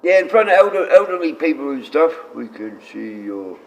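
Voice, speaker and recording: A man's voice: on the high side, big pitch swings, normal speed. Blunt rambling Australian man. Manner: blunt, rambling, reads chat aloud and talks to his dogs. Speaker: live streamer. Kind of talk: casual live-stream chat. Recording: dull lo-fi stream audio with faint noise.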